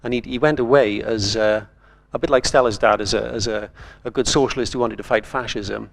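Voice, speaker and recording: A man's voice: fairly low pitch, fairly even intonation, brisk, vocal fry. An older man from Wales, a writer speaking on a conference panel in a thoughtful, digressive way.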